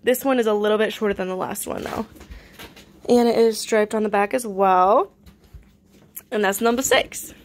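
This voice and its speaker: A woman's voice: mid-range voice, normal speed, long pauses. A young woman chatting casually at home as she shows items for sale, describing each one with lots of fillers. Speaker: online reseller. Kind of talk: casual live-sale vlog.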